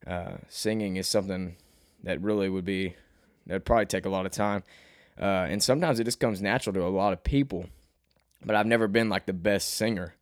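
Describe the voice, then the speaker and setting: Fairly quick and rambling, the young Arkansas host of his own podcast, a rapper with a slight Southern twang, delivers a self-deprecating monologue full of restarts, his pitch rising as he gets animated. It's a clean studio recording with no room sound.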